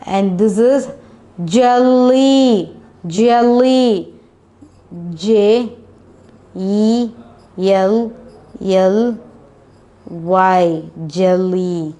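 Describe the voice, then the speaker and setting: A woman teaches a phonics class at a very slow, deliberate pace. She spells each word out letter by letter and says it again and again for young learners. Her pitch sits in the middle for a woman. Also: mellow.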